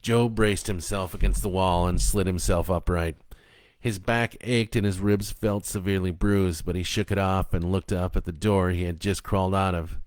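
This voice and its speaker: A man narrating a dark story in a slow, even, low-key reading voice. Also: dry recording.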